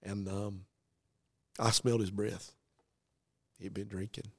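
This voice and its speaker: A man's voice: lowish voice, level tone, measured pace, creaky, a little mellow, slightly rough, no echo, studio quality. A middle-aged preacher, telling a story from his own life in an earnest, folksy way. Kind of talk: dramatic storytelling testimony.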